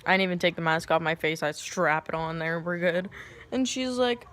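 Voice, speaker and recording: Young woman, vlog storytime, animated, acts out quotes, crude jokes, laughs. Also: on the low side, normal speed. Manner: crude, joking asides and laughter. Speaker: vlogger.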